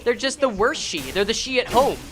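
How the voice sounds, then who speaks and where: A woman's voice: fairly high pitch, lively intonation, brisk, fairly bright tone, faint music behind. A woman streaming a game, reading skill text aloud and joking sarcastically with her chat.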